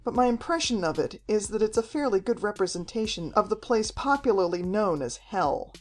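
A woman's voice: medium pitch, animated, brisk, a little mellow, natural voice. A woman reading aloud, voicing a mocking, desperate male villain in an audiobook. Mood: menacing. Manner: snarling, mocking.

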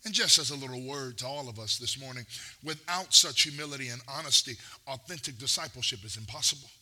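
A man's voice: mid-range voice, fast, bright, forceful tone. A man preaching a sermon, mixing playful asides and acted-out quotes with rising, intense delivery. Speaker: pastor.

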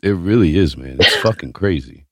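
A man hosts a casual podcast, relaxed and liberal with curse words. His voice sits very low and sounds dry, close to the mic. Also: moderate pace, no echo. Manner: laid-back, profane. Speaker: podcast host. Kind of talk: casual chat.

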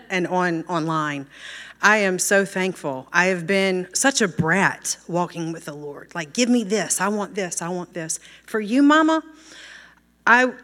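A woman's voice: lowish voice, bright, forceful tone. A woman giving a heartfelt spoken testimony at a microphone during a church service. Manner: earnest, heartfelt, fervent. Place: church hall. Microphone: handheld microphone. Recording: long reverb of a church hall.

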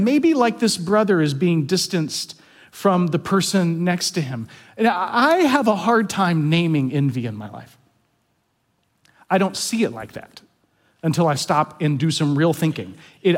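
A man pastor giving a sermon in an earnest, confessional way, often repeating words as he stresses a point. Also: high voice.

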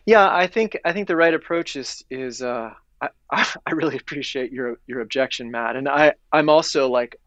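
A man's voice: mid-range voice, moderate pace, a bit bright, no room sound, lo-fi sound. A man who is a priest, speaking as a podcast guest and thinking aloud as he explains spiritual ideas in casual conversation.

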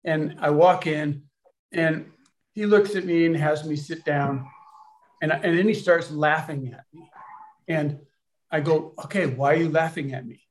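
Male storyteller, slightly high-pitched, casual and halting, rambling delivery. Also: slight background noise. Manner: rambling, halting with many restarts. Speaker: storyteller at a gathering.

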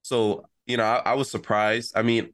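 A man's voice: medium pitch, moderate pace, no echo, clean studio sound. A young man, a college football player, telling in casual chat how a play went, acting out what people said. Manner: animated storytelling, acts out quotes.

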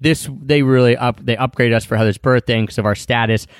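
A man chats about his year of travel, filling pauses with "um" and "like" and restarting his sentences. His voice sits at an average pitch. It is recorded dry and close. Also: fairly even intonation, smooth, no echo. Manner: chatty, frequent fillers and restarts. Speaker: travel podcast co-host. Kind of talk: casual conversational recap.

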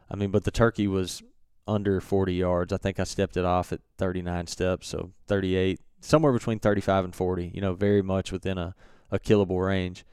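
A young man telling a hunting story in a relaxed, halting way with many fillers and restarts. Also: low-pitched, smooth, no room sound, studio quality. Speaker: turkey hunter recounting a hunt. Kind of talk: casual storytelling.

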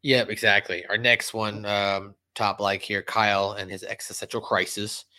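A man hosting a podcast, casually recapping a cartoon episode in an animated way. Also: fairly low pitch, normal speed, dry recording. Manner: animated, jumps into voices while retelling. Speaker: podcast host.

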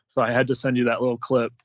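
A man's voice: medium pitch, level tone, fast talker, no room sound. A man co-hosting a podcast in a laid-back, casual way. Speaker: podcast co-host. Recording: dull, dry podcast recording.

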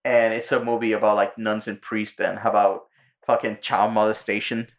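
A man co-hosting a podcast in casual, profane chat, retelling cartoon episodes and breaking into squeaky impressions. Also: little pitch movement, normal speed. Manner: profane, retells cartoon scenes with jumpy high-pitched impressions. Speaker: podcast co-host.

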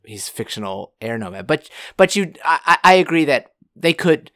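A podcast co-host weighing opinions in a measured, thoughtful way during a casual film discussion. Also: mid-range voice, very animated, fairly bright tone, no room sound, clean studio sound.

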